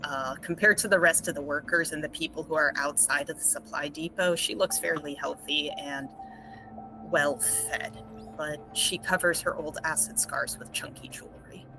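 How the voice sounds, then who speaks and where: A woman's voice: low voice, fairly even intonation, moderate pace, music in the background, rough recording. A woman player describing her character in a tabletop game, hesitant with sighs and fillers.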